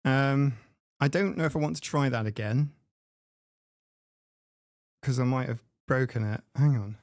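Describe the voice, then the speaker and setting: A man's voice: medium pitch, a little slow, a little mellow, no room sound, studio quality. A man hosting a casual live stream, chatting in a rambling way and laughing at his own jokes. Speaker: livestream host. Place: home room. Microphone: desk mic with mixer.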